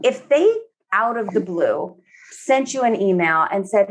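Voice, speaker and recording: A woman therapist talking in a relaxed podcast conversation, filling her speech with "you know" and slipping into quoted voices. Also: mid-range voice, measured pace. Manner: chatty, many fillers, acts out quoted speech.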